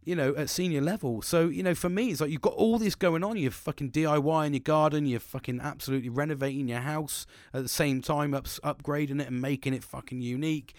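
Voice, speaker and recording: A man's voice: on the high side, quick pace, few pauses, no room sound, studio quality. A man, talking candidly in a podcast monologue, rambling with frequent restarts and heavy swearing. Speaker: podcast host.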